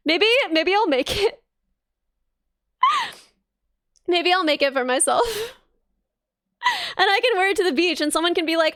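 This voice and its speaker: A woman's voice: very high voice, lively intonation, moderate pace, pauses often, fairly bright tone, no room sound, clean studio sound. A young woman, chatting casually on a live stream, giggly, rambling and self-mocking. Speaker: VTuber streamer.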